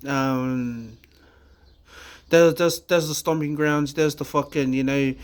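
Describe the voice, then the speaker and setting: Halting man with a New Zealand accent. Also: a little high, fairly even intonation, clear, resonant tone. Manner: halting, many fillers and restarts, swears freely. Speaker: vlogger sharing his recovery story. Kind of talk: candid personal testimony.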